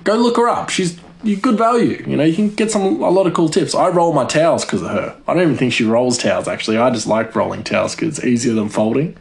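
A man's voice: mid-range voice, fast, creaky, hardly any pauses. Rambling, laughing man riffing casually. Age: adult. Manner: rambling, many fillers, laughs at own jokes. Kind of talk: rambling comedic monologue.

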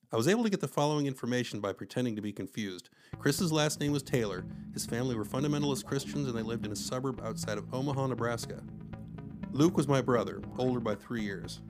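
A man's voice: medium pitch, fast, faint music behind. A man narrating a first-person story with wry, conversational asides.

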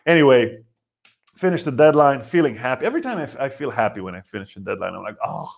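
A man's voice: medium pitch, expressive, very fast, vocal fry, highs cut off. A man in his forties hosting a live comedy podcast, ranting in a rambling way with lots of restarts and acted-out quotes. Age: 40s. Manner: rambling, frequent restarts and fillers, acts out quotes. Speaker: comedian host.

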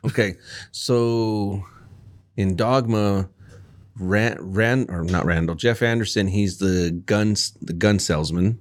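A man's voice: fairly low pitch, slow, dry recording. A man chatting casually, laughing often and asking trivia questions. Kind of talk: casual chat.

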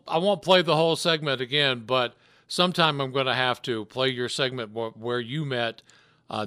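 Chatty podcast host, dry close sound. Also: male voice, medium pitch, fairly bright tone, dry recording. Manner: chatty and laughing, loose restarts. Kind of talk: casual chat.

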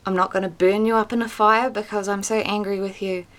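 A woman voicing a gentle, soothing God. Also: on the low side, steady tone, moderate pace, creaky. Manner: soft, quiet, reassuring. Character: gentle, patient God speaking to a weary prophet.

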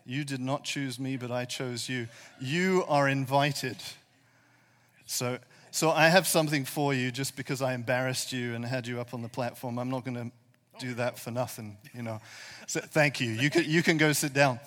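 A man's voice: mid-range voice, fairly even intonation, normal speed, a bit bright. A pastor preaching a sermon to his congregation, speaking earnestly and emphatically with many rhetorical questions. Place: church sanctuary with a reverberant hall. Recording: long hall reverb.

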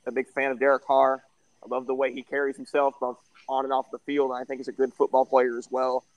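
A man talks football on a casual podcast recorded out in a backyard, blunt and stat-heavy in his takes. His voice sits at a middling pitch and sounds dry and close to the mic. Crickets chirp softly behind him. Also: no echo, rough recording. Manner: blunt, breaks down records and stats. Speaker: podcast co-host. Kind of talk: casual sports podcast chat. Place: backyard, outdoors.

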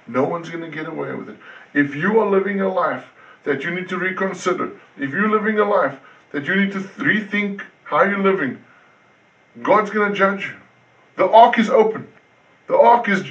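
A male pastor preaching a sermon, driving points home with repeated words and swinging between loud and hushed. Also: on the high side. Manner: preaching with emphatic repetition, rising and falling intensity. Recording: distant, dull lo-fi sound.

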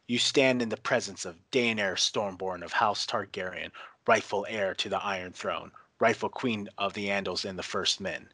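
A man's voice: lowish voice, bright, forceful tone, husky, no room sound. Missandei, a formal young herald, read by a man. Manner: ceremonious listing of titles.

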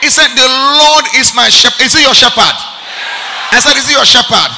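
A male pastor from Nigeria, preaching a sermon with shouted, sing-song call-and-response. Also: extremely high pitch, normal speed, in a large hall, over a noisy crowd, heavy background noise.

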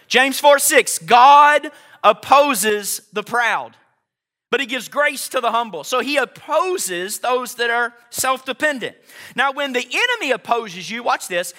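A man's voice: very high voice, pushed and bright. A man preaching a sermon as pastor, emphatic, repeating key phrases and speaking straight to the congregation.

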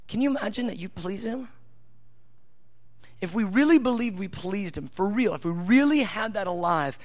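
High-voiced preacher, soft and intimate. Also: male voice. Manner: intimate, tender, acts out God's voice softly. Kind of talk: sermon.

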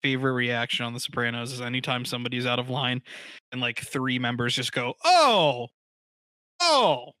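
Man, podcast co-host, bright tense voice, dry close sound, halting chummy talk. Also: medium pitch, monotone, clear, resonant tone, dry recording. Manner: halting, filler-heavy, chummy. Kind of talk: casual comedic chat.

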